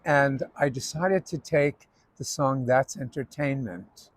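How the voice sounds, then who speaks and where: A man's voice: medium pitch, slow pace, dry recording, low-quality recording. A man hosting a casual chat, telling stories from his stage career. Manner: anecdotal storyteller. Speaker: host.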